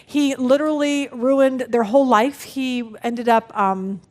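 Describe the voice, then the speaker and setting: A woman in her forties teaching a women's Bible study, telling stories with lively energy and acting out the people in them. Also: high voice, a little slow. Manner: lively storytelling, acts out quoted people.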